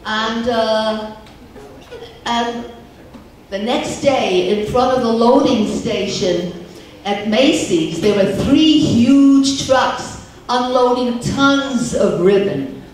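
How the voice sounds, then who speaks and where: A woman's voice: fairly high pitch, darkish tone, a little hiss or hum. An older woman telling jokes at a talent show in a chatty storytelling manner, recorded from far off in an echoey hall. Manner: slow, chatty storytelling with Yiddish words. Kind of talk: stage joke-telling. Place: large theater stage.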